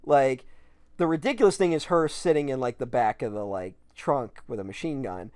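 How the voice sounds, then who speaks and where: A man co-hosting a casual film podcast, animated and laughing often, his speech full of "like" fillers. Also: medium pitch, moderate pace, no echo, studio quality. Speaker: podcast co-host.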